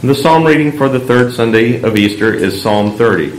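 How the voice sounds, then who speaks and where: A man reading scripture aloud in church, measured and solemn. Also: medium pitch, expressive. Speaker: lector. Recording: echoey church room, faint background hum.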